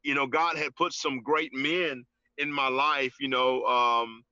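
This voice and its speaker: Man, interview guest, bright voice, halting restarts, dry lo-fi sound. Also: mid-range voice, steady tone, dry recording. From Georgia, US. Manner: halting, many restarts and fillers, says "man" often. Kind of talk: casual testimony in an interview.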